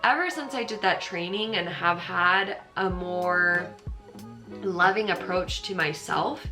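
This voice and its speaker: A woman's voice: on the low side, measured pace, over music. A young American woman, a yoga teacher, telling her personal story in a chatty, earnest, emotional vlog, full of "like". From United States.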